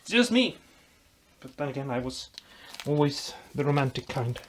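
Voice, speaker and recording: A man's voice: mid-range voice, very animated, normal speed, a little hiss or hum. A man vlogging as he builds a guitar, explaining while he works, rambling and making self-deprecating jokes. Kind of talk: casual workshop tutorial chat.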